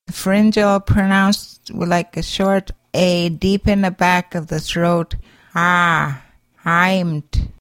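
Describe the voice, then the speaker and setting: A woman teaching a language's sounds, slowly saying each letter, its sound and an example word. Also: fairly low pitch, clean tone, no room sound. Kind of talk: slow pronunciation lesson.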